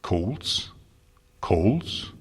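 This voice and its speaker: A man's voice: low voice, very animated, breathy edge, big-room sound, full character voice. A man voicing a haughty male gardener pony with a put-on posh accent, drawling his words as if yawning. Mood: snooty. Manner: snarling, drawn-out yawning words. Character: snooty male stallion gardener, haughty artiste.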